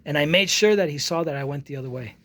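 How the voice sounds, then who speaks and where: A man's voice: a little high, quick pace, fairly bright tone, faint music behind. A man in his forties, an artist talking casually to his channel, rambling with many restarts and acting out both sides of an argument as he tells a story. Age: 40s. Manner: rambling, with frequent restarts and repeated words. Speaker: artist vlogger. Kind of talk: casual monologue.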